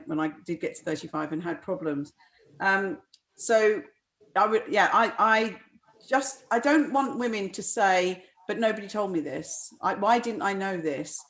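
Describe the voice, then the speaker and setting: A woman's voice: fairly low pitch, creaky. A middle-aged woman author speaking at a book launch, hesitant, with frequent restarts and ums. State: close to tears. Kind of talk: conversational discussion.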